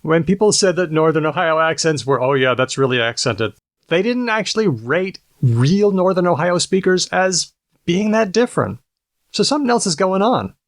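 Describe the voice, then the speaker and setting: A man's voice: sits high, lively intonation, no room sound, clean studio sound. A man co-hosting a casual podcast chat, explaining research and teasing his co-hosts. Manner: explanatory, teasing, quick to laugh. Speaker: podcast co-host presenting research.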